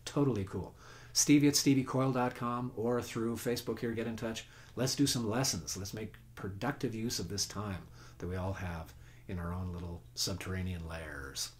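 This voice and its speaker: Folksy, low-voiced guitar teacher, man. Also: moderate pace. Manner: folksy, chatty, counts beats and hums notes aloud. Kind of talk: casual guitar lesson webcast. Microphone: home webcast mic. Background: own guitar playing.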